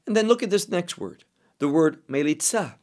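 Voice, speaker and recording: A man teaching the Bible verse by verse, deliberately explaining Hebrew words as he goes. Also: fairly high pitch, expressive, darkish tone.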